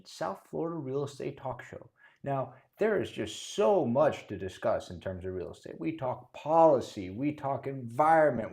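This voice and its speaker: Male co-host, playful and animated, casual podcast delivery. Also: medium pitch.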